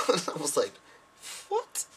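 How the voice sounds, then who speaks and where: A man's voice: fairly low pitch, moderate pace, breathy edge. A young man telling stories casually to friends back home, acting out his own reactions as he goes. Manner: animated, acts out quoted reactions. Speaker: vlogger.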